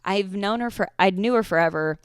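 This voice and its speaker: A woman in her twenties hosts a casual solo podcast, telling stories in a chatty style full of swearing. Her medium-pitched voice is brisk and clean, recorded at studio quality with no room sound.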